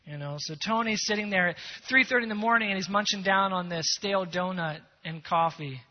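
High-voiced animated male preacher. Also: fairly quick, few pauses. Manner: animated storytelling, swings loud to hushed. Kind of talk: sermon storytelling. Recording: long hall echo, dull sound.

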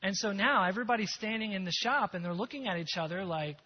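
A male preacher telling a story in a sermon, animated, moving from loud to hushed. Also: high voice, fast, slightly rough. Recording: long hall echo, dull sound.

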